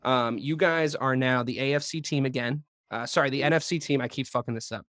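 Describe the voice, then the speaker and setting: Brash, profane podcast host, dry sound. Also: male voice, mid-range voice, fairly bright tone, no room sound. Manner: profane, brash, quick banter. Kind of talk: casual sports podcast chat. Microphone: podcast microphone.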